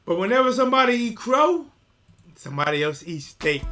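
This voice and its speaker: A high, bright male voice commenting on a fight for his live stream audience. He talks straight to his viewers and gets excited easily, with plenty of fillers and restarts. Faint music plays behind him. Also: a little fast.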